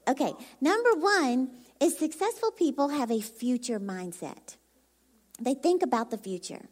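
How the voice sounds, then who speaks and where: Her sermon comes in a high, animated voice, delivered a little slowly. She is a cheerful, talkative guest preacher from Dallas with a Texan accent, a very young-sounding, childlike voice, and a ready laugh.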